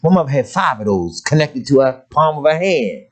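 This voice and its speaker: An older male preacher delivers a sermon in a storytelling manner. His pitch swings widely as he moves between his own voice and quick impressions of his parents and grandmother. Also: sing-song.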